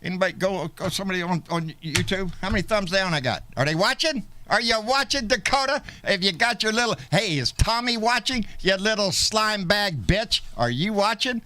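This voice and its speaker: A man's voice: high voice, expressive, normal speed, hardly any pauses, pushed and bright. A middle-aged man, hosting a live show and angrily ranting, profane and taunting, hurling insults. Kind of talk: angry live-stream rant.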